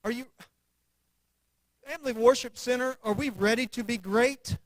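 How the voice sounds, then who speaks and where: A man's voice: extremely high pitch, moderate pace, no room sound, poor audio. A man teaching an adult church class, earnestly repeating declarations with conviction before leading a prayer.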